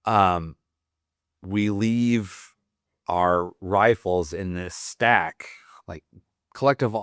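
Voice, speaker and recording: A man's voice: deep voice, extremely slow, a bit bright, clean tone, no echo, clean studio sound. A man and podcast guest, a Marine veteran, telling stories in a casual way. He swears often and rambles, with many "like" fillers. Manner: profane, rambling, full of "like" fillers. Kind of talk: casual storytelling.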